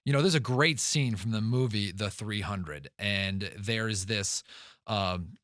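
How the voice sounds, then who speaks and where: A man's voice: lowish voice, takes it slowly, fairly bright tone, no echo, studio quality. A man hosting a podcast who talks emphatically, tells stories and repeats words for stress. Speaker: podcast host and real estate investor. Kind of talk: podcast monologue.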